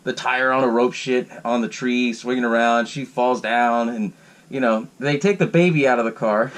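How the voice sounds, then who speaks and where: Swearing freely and laughing between his sentences, a podcast host rambles casually through a solo recap of a horror movie. His medium-pitched voice moves at normal speed with fairly even intonation.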